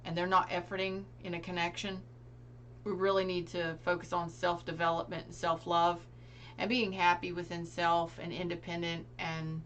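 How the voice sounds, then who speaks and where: A woman's voice: fairly low pitch, fairly bright tone, a little hiss or hum. A woman giving a casual tarot reading, speaking earnestly and directly to her viewers. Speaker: tarot reader.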